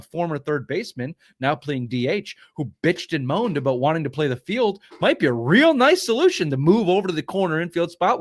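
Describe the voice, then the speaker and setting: Male podcast co-host, slightly higher voice, profane animated ranter. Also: no room sound, clean studio sound. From Boston area. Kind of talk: casual sports chat.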